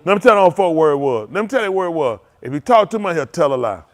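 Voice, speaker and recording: A preacher who tells stories in a loose, rambling way. His voice sits a little high for a man and swings widely in pitch, climbing sharply when he gets worked up. He laughs often and circles back over his own phrases. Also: fast talker. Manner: animated, laughing, repeats and restarts phrases. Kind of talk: loose storytelling sermon.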